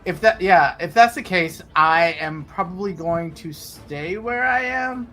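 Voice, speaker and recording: A man's voice: high-pitched, unhurried, pushed and bright, soft background music. A man playing a tabletop game, hesitantly describing what his character does. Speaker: player.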